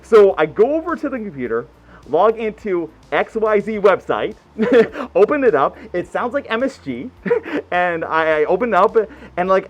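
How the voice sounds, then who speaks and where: A man with a high voice tells a story in casual talk. His pitch swings widely and he swears freely. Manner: animated, swears freely, acts out quoted voices. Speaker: guest telling a story.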